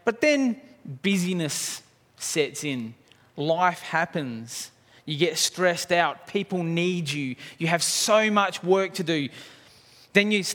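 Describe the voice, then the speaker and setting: Man, preacher, high-pitched, lively rhetorical sermon, echoing church hall. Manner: animated storytelling, rhetorical questions. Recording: long hall reverb.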